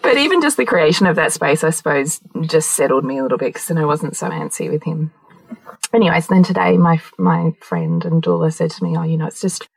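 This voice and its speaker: A woman's voice: fairly low pitch, slightly rough, no room sound, low-quality recording. A woman in her thirties co-hosting a podcast in casual chat, telling stories animatedly, often laughing and swearing. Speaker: podcast co-host.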